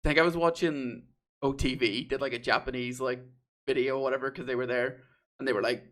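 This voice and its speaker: A man's voice: mid-range voice, fairly even intonation, quick pace, a bit bright. A young man with a mild Northern Irish accent, co-hosting a podcast and telling rambling stories in casual chat. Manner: rambling storyteller, quotes others, laughs often. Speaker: podcast co-host.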